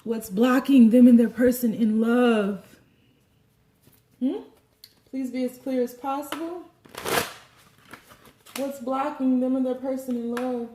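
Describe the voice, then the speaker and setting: A woman's voice: sits high, fairly even intonation, slow, long pauses, dark tone, slight background noise. A woman giving a tarot card reading, preachy and joking, with some profanity. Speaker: tarot reader. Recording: roomy echo.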